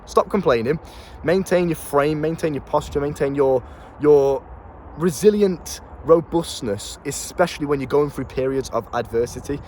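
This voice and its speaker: Speaking at normal speed in a slightly high voice with a darkish tone, a young man gives a casual motivational talk to camera outdoors in town. He acts as a self-improvement coach, blunt and slangy, swearing and repeating words, with faint street noise behind him.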